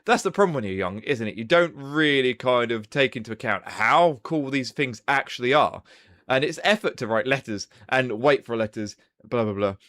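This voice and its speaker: A man's voice: medium pitch, animated, normal speed, fairly bright tone. Chatty man streaming live. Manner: chatty, rambling, swears casually. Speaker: livestream host. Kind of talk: casual live-stream chat.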